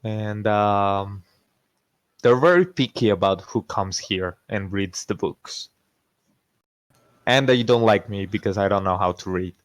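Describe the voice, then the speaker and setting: A man's voice: on the low side, steady tone, unhurried, no room sound. A man playing in an online tabletop game, chatting playfully and laughing often. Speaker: player. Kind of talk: casual role-play chat.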